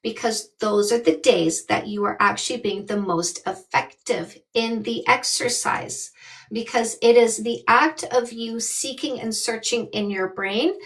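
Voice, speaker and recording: A woman's voice: fairly high pitch, unhurried, a bit bright, rough recording. A woman in her fifties from Canada, a dating coach giving blunt, emphatic advice on a live call. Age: 50s.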